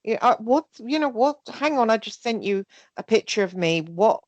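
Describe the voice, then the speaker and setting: A woman with a slightly high voice talks candidly in a casual conversation at a normal speed, animated and often acting out remarks in quoted voices. The audio has no echo, but the highs are cut off.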